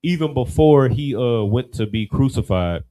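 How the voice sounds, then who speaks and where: A man's voice: mid-range voice, expressive, moderate pace, warm tone, poor audio. A man teaching a class in a loose, conversational way, often asking "you know what I mean?".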